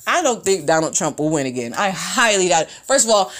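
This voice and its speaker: A woman, ranting bluntly and profanely in an animated, opinionated monologue. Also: medium pitch, moderate pace.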